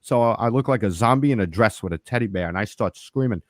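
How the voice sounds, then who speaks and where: A man's voice: lowish voice, fast, few pauses, no echo, clean studio sound. A man telling a story in casual podcast chat. He swears constantly and acts out the other people's lines. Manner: profane and animated, acts out the voices of others.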